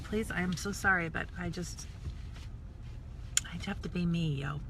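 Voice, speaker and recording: A woman from the United States telling a story in a casual, animated live stream, acting out voices and dropping into whispered asides. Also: mid-range voice. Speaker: network marketing coach. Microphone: phone or webcam live stream.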